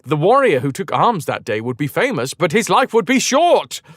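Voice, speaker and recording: Lively, swearing man retelling a legend. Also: sits high, normal speed, no echo, clean studio sound. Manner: animated, profane, jokey asides. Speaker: streamer. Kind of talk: casual retelling of a myth.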